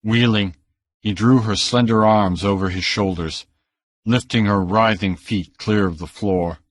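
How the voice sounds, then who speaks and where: Male audiobook reader, very deep, measured, dry studio sound. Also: steady tone, no room sound. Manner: measured, dramatic storytelling. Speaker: audiobook narrator. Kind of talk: scripted narration.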